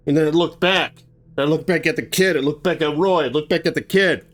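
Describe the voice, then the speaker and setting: A man telling a grim story casually, animated and conversational, acting out sounds as he goes. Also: a little high.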